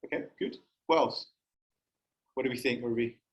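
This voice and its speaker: A spiritual society session leader speaks with a mid-range, steady voice at a moderate pace, though the recording quality is low. He guides the discussion conversationally, with plenty of fillers and regular questions for listeners in the room and online.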